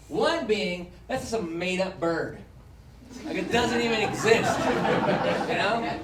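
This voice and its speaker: A man in his forties doing a stand-up set, jumping into quick character voices as he talks. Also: high voice, lively intonation. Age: 40s. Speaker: stand-up comedian. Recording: roomy club sound from a distant mic, loud crowd noise.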